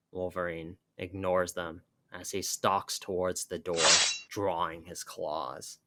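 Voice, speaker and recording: A man narrating a comic book story with a steady, even reading. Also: low voice, measured pace, hardly any pauses.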